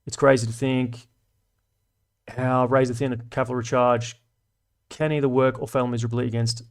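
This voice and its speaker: A man's voice: mid-range voice, flat delivery, moderate pace, clear, resonant tone. A man in his thirties with an Australian accent, hosting a casual livestream chat in a laid-back, slangy way with frequent swearing. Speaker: livestream host.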